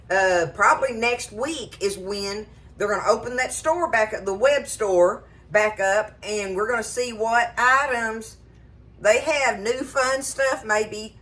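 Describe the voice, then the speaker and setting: A woman's voice: mid-range voice, a bit bright. A middle-aged woman, chatting casually to viewers about cooking in her home kitchen. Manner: folksy and chatty, addresses viewers as y'all. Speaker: cooking show host.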